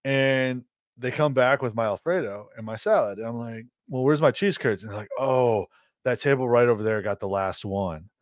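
A young man co-hosting a podcast tells a rambling, casual story at a moderate pace, animated and full of exasperated asides. His voice sits at a middle pitch, and the recording is dry and close with no room sound.

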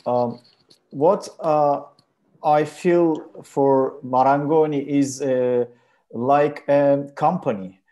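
A man's voice: mid-range voice, fairly even intonation, very slow, dark tone, muffled recording. A man education consultant asking questions in an online session, hesitant with fillers. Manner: hesitant, non-native English with fillers.

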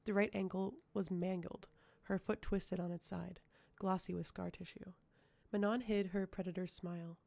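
A woman reading a fantasy novel aloud as an audiobook, at a measured, even pace. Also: on the low side, vocal fry. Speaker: audiobook reader. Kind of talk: audiobook narration.

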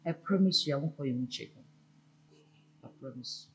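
A woman's voice: extremely low pitch, brisk, poor audio. An actress with a Nigerian accent playing an anxious wife who confides in her friend and protests her advice. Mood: fretful. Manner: fretful, protesting.

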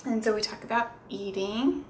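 A woman's voice: mid-range voice, fairly even intonation, normal speed, a little hiss or hum. Woman speech therapist demonstrating toddler reading. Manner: explains plainly, then breaks into sing-song, exaggerated toddler-directed sounds. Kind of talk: instructional demonstration.

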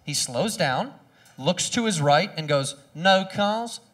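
A man in his thirties performing a stand-up comedy set on stage, animated, acting out quoted voices and shouting punchlines. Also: on the high side, measured pace.

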